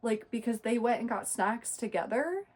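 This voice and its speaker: A woman's voice: a little high, animated, a little mellow, slightly rough. Exasperated woman ranting about a book. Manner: talks fast and loose, leaning hard on "like" and "literally"; exasperated and indignant. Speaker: book reviewer. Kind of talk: casual book review rant.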